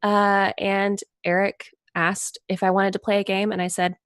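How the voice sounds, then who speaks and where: A woman's voice: mid-range voice, flat delivery, normal speed, no echo, clean studio sound. A woman streamer introducing herself as a player, speaking in a friendly, upbeat way. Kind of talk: casual self-introduction.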